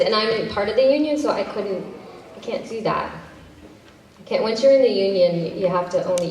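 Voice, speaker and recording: Chatty actress in an echoey hall. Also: female voice, medium pitch, a little mellow. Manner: chatty, self-interrupting, laughs easily. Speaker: panel guest, actress and director. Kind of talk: casual convention Q&A answers. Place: convention hall panel. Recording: echoey hall from far off, faint noise.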